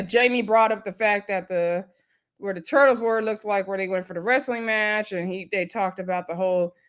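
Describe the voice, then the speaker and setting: A woman's voice: mid-range voice, clean tone. A woman casually recapping a reality TV episode, chatty and opinionated, laughing often and dropping slangy asides.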